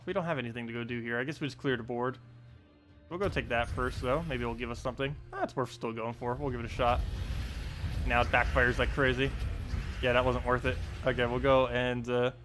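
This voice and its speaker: A man's voice: medium pitch, fairly bright tone. A man streaming a video game, casually talking through his moves and thinking aloud with lots of filler words. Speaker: gaming live streamer. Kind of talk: casual gameplay commentary. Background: faint game music.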